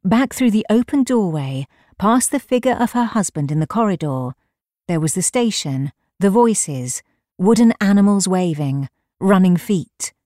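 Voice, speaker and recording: A woman reading a literary short story aloud in a measured, unhurried storytelling manner. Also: medium pitch, animated, warm tone, no echo, studio quality. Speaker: reader.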